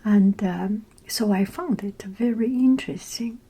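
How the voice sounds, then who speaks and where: A woman, whispering a casual vlog story and pausing often with fillers while she searches for words. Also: mid-range voice, breathy edge, poor audio. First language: Chinese. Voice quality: soft whisper. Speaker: vlogger.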